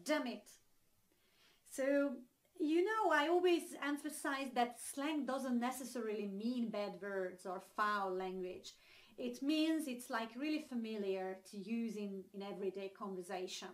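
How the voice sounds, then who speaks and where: In an online class, a young woman speaking with a Hungarian accent explains English phrases at a measured pace. Her pitch is fairly high, and her chatty walk-through of everyday examples is filled with ums and uhs.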